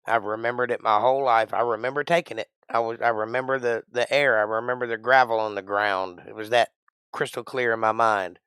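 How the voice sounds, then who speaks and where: A middle-aged man from Georgia with a Southern accent, chatting playfully and rambling on his livestream, now and then bursting out loud. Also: mid-range voice, fairly even intonation, fairly quick, clear, resonant tone, no echo, clean studio sound. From Georgia, USA. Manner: playful, rambling, jokey with sudden loud outbursts. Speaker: livestream host. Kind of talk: casual livestream chat.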